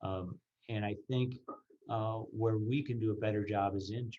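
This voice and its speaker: A man from the ski business weighs his words on a discussion panel, with a lowish voice. He often restarts and repeats himself, and the audio sounds dull and lo-fi. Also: steady tone, dark tone. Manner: measured, thoughtful, repeats words. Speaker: ski area executive.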